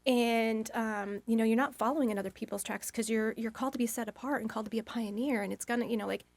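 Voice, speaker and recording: A woman guest on a podcast, telling a long story in a loose, rambling way. Her voice sits fairly high. She leans on fillers and slips in acted-out lines of her own thoughts. Her voice is recorded close and dry, with no room sound. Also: steady tone, fast talker, dry recording. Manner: rambling, with many fillers and acted-out inner dialogue. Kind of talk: casual storytelling.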